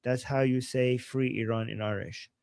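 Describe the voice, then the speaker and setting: A man's voice: medium pitch, steady tone, normal speed, creaky, darkish tone, smooth, dry recording. Young male livestream co-host, Persian first language, loose rambling chat, dead-dry room. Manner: rambling, many restarts and "like".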